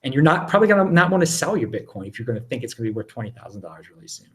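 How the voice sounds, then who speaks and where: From his apartment, a man runs a casual live Q&A stream, reading viewer questions aloud and answering them. He is animated, talking over himself with quick restarts, in a lowered, near-whispering voice.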